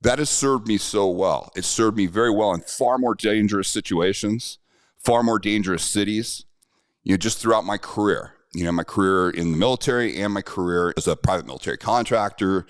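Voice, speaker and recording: A man's voice: on the low side, brisk, no room sound, clean studio sound. A middle-aged man and self-defense instructor telling a personal story in a conversational, earnest way.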